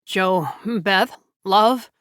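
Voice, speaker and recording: A woman's voice: medium pitch, slow pace, fairly bright tone, smooth, dry recording, studio quality. A woman reading the lines of an anxious husband and father in a storybook, his voice strained, uncertain and slightly trembling. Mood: uneasy.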